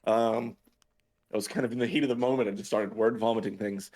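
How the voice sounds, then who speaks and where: A man's voice: lowish voice, fairly even intonation, brisk, darkish tone, close to an everyday voice. A man voicing a flustered townsperson who rambles and hurries through a sheepish brush-off.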